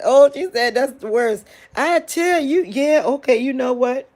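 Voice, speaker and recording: A grieving woman hosting a live chat with her viewers, tearful and soft-spoken, often sighing and drawing out her exclamations. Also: sits high, unhurried. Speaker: livestream host talking to viewers.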